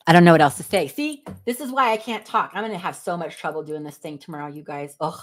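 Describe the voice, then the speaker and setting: A woman's voice: on the low side, fast, hardly any pauses. A woman, hosting a casual livestream, chatting and reading viewer comments aloud with frequent laughter. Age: 50s. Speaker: livestream host.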